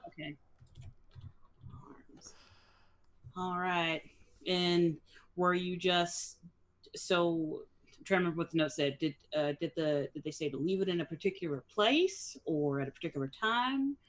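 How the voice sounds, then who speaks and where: A player in a tabletop game who asks questions politely, in a halting way. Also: mid-range voice, fairly bright tone. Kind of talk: tabletop role-play.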